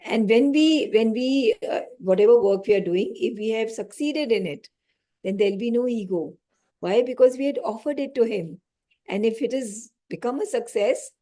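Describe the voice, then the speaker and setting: Mellow-voiced woman teaching scripture. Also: on the high side, expressive. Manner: explains slowly, repeats key phrases, asks the audience questions. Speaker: spiritual teacher. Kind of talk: lecture on scripture.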